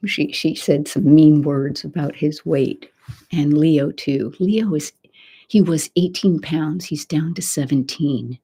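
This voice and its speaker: A middle-aged woman hosting a soft-spoken ASMR live chat close to the mic, rambling as she slips between whispers and a quiet voice. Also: low-pitched, slow pace, slightly rough. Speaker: ASMR channel host.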